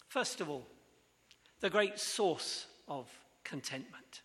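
A man preaching a sermon, earnest and measured, asking the congregation questions. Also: a little high, lively intonation, a bit bright. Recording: long hall reverb.

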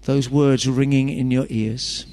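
A man's voice: mid-range voice, level tone, unhurried, warm tone. A man preaching a sermon, chatty and full of rhetorical questions and joking asides. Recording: long hall reverb.

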